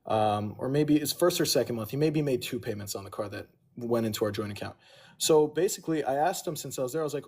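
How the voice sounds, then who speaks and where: Young man, livestream storyteller, casual and rambling, average pitch. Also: expressive, fast talker, a little mellow. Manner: rambling, backtracking, quotes others in his story. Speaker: livestream guest telling his story.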